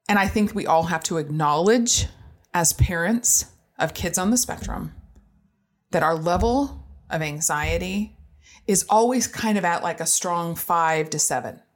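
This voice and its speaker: A woman in her thirties or forties talks straight to the listener as a parent, frank and self-deprecating. Her voice sits a little low, and she laughs easily as the story runs on. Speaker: parent sharing experiences. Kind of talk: candid storytelling monologue.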